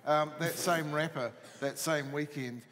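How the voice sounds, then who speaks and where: A man with a New Zealand accent chairs a panel, posing questions in a measured way with filler pauses. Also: on the high side, steady tone, fairly bright tone. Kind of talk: moderating a panel. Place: museum hall. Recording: reverberant hall.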